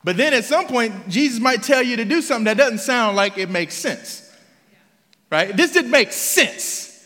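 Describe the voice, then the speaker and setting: A man preaches with a very high, bright voice that keeps swinging up and down in pitch. He talks casually, tossing out "right?" and slang while quizzing the congregation with rhetorical questions. His words trail off into the long reverb of a church hall. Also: expressive, moderate pace. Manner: slangy, drops in "bruh" and "right?". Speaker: pastor. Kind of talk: conversational sermon.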